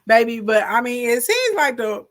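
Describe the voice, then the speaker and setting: A woman's voice: fairly high pitch, normal speed. Sassy Southern woman commentator. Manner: animated, sassy, repeats "baby" and "okay". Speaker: commentator reacting to court footage. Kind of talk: casual commentary.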